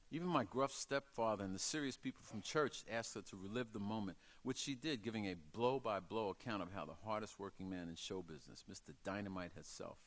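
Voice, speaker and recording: A man, an author, reading aloud from his memoir with expressive, dramatic storytelling. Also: fairly low pitch.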